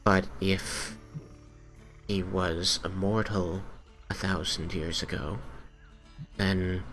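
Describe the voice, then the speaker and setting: A man playing a nervous, unsure female elf scholar in a tabletop game, speaking haltingly. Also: low-pitched, fairly bright tone.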